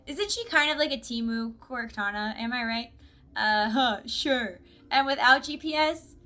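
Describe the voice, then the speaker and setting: A woman's voice: on the high side, measured pace, pushed and bright, soft background music. A woman chatting with viewers on a casual gaming live stream, bubbly and giggly, recorded on a desk mic at home.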